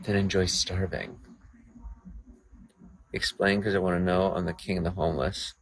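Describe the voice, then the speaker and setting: A man's voice: low voice, level tone, moderate pace, a little hiss or hum, low-quality recording. A man live-streaming outdoors at night in the rain, ranting in a profane and sarcastic way to his chat. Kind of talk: late-night livestream rant.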